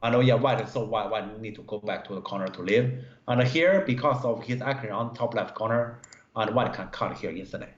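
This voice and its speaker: Halting man reviewing go games. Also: on the low side. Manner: halting, many fillers, broken English grammar. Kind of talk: live-stream game review. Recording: roomy, dull stream audio.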